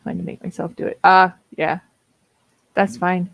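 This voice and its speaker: A woman's voice: lowish voice, level tone, normal speed, vocal fry, no room sound, dull audio. A woman in her fifties with a Minnesota accent, chatting casually and laughing often while hosting writing sprints. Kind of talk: casual livestream chat.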